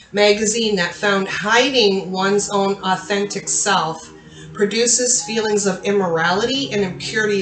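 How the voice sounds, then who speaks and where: A woman's voice: mid-range voice, a bit bright, slight background noise. A woman host speaking candidly to her listeners, telling a personal story in a confiding way with frequent fillers. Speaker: therapist and channel host. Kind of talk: personal talk to camera. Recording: roomy echo with faint ambience.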